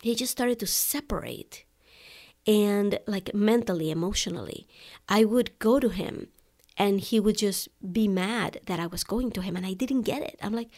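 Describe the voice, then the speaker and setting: A woman with a medium-pitched, slightly mellow voice speaks at a normal speed as host of a podcast for online coaches. She relates a personal story conversationally, often checking in with "right?" and "you know."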